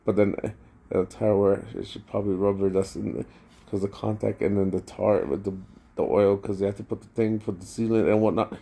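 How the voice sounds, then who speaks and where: A man telling a rambling, profane story in a casual vlog rant, full of slang and excited outbursts. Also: fairly low pitch, a little fast, gravelly, slightly rough. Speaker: vlogger.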